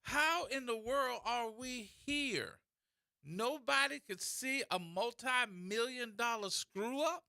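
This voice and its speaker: A man hosting a talk radio show, ranting in a mocking, animated way and slipping into imitation voices. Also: very high-pitched, slow, creaky, no room sound, studio quality. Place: radio studio.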